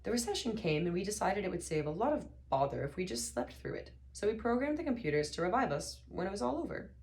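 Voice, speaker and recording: A woman's voice: mid-range voice, big pitch swings, a little hiss or hum, voice pushed up. A woman voicing an elderly male planet builder, mild, wistful and vague, in an audiobook reading. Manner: gentle, slow, distracted speech with sudden sternness.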